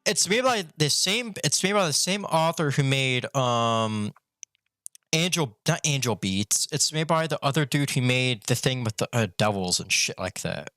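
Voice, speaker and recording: A man's voice: mid-range voice, expressive, moderate pace, a bit bright, no room sound, clean studio sound. A male streamer ranting bluntly and profanely in a rambling casual way, talking with a retainer in his mouth. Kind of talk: casual opinion rant.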